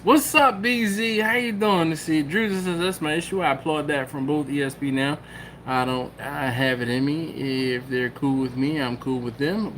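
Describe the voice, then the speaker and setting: A man's voice: medium pitch, a little hiss or hum. A man from the Philadelphia area hosting a live stream, telling a story in casual talk and acting out the quotes. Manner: animated, acts out quotes and cat sounds. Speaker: YouTube host.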